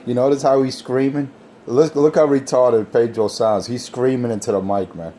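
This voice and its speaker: A man's voice: mid-range voice, steady tone, normal speed, mellow, slight background noise. A man on CB radio, scornfully picking apart a rival's equipment and skills. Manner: scornful, technical put-downs. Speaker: CB radio operator. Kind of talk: on-air radio banter.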